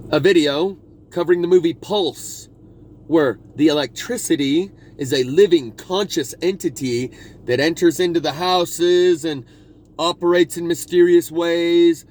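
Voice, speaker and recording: A man with a somewhat high voice holds forth in a meandering spiritual monologue. He trails off, restarts and leans hard on the words he wants to stress. Faint traffic noise hums in the background. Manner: meandering, restarts often, intense emphasis. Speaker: video blogger.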